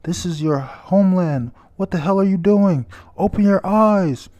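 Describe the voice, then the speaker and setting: Man putting on a high frantic young guy, screaming desperately, pleading, raised pitch. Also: unhurried, dark tone, muffled recording. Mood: desperate shouting.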